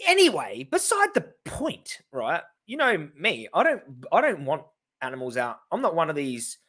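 Animated sarcastic Australian man. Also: a little high. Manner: animated, sarcastic, laughing in disbelief. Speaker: animal rights activist reacting to his TV debate. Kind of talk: reaction commentary.

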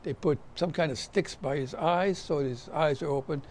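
A man's voice: a little high, moderate pace, a little mellow, slight background noise. An older man giving a survivor testimony, recounting his memories as a vivid storyteller who acts out the voices of the people he quotes.

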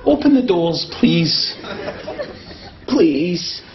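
An actor with a Scottish accent playing an exasperated man stuck in a voice-activated lift, indignant and often shouting. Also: sits high, very animated, moderate pace, a crowd in the background. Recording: dull sound with audience laughter.

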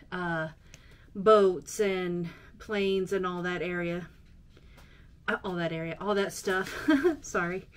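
A woman hosting a casual solo podcast, reading from her notes with many ums and uhs. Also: mid-range voice. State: out of breath. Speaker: podcast host.

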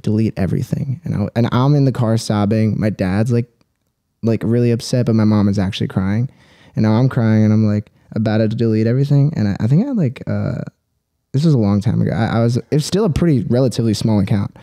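A young man with a lowish, mellow voice talks in a loose, rambling way, full of fillers. He laughs often while he chats as a podcast guest. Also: lively intonation, quick pace, vocal fry. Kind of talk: casual podcast chat.

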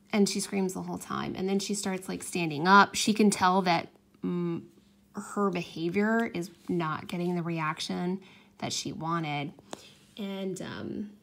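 A woman in her thirties casually telling a personal story while crafting, chatty, with restarts and acted-out quotes. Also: lowish voice. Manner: chatty, many restarts and fillers, acts out her own quoted words. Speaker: craft vlogger and mother.

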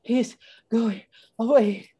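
A woman voicing a young girl in a storybook, lifting her pitch as she reads the lines aloud. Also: unhurried, warm tone, dry recording, natural voice. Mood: wistful. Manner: storybook reading voice, raised pitch.

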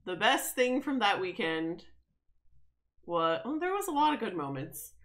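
A woman's voice: medium pitch, very animated, a little slow, fairly bright tone. A woman co-hosting a podcast, telling stories animatedly and laughing often. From Canada. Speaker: podcast co-host. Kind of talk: casual chat.

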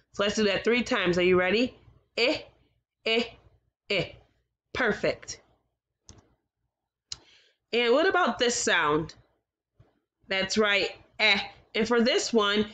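A woman teaching a recorded kindergarten phonics lesson, sounding out letters slowly and carefully with encouraging praise. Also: mid-range voice, a bit bright.

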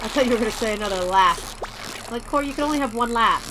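High-voiced goofy woman gaming. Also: quick pace. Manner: goofy, excitable, joking around. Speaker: let's play host. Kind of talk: casual co-op gaming chat. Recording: noisy background hiss.

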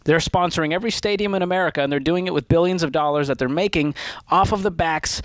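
Man, fairly high voice, storytelling co-host, dry close mic. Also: fast talker, dry recording. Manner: storytelling, animated analogies. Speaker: radio show co-host. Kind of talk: casual advice talk.

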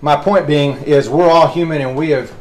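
A man's voice: fairly high pitch, fairly even intonation, normal speed, darkish tone, soft background music. A middle-aged man, a fitness instructor rambling and counting reps as he leads a workout class. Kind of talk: leading a workout class with chat. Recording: echoey room with background noise.

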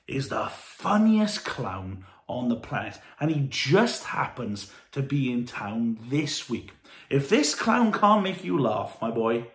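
A blustery old doctor barks and booms, pitched high and loud. A man puts him on while telling a joke, and the sound carries a roomy echo. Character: brash older male doctor in a joke.

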